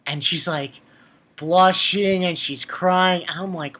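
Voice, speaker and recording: A man casually recapping an anime episode in an excitable way, swearing and stumbling over fillers and restarts. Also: high voice, takes it slowly.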